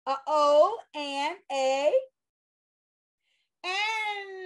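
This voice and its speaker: A woman's voice: high-pitched, animated, slow pace. A woman teaching a phonics lesson to young children, stretching out sounds in a sing-song, encouraging way.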